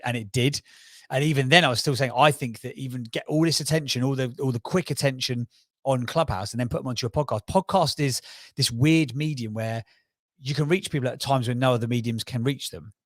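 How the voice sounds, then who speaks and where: Cockney guy on a podcast, punchy and fast, mid-pitched, dry close mic. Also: dry recording. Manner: fast, emphatic, piles up figures and examples. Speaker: podcast guest, brand strategist. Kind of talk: energetic interview talk.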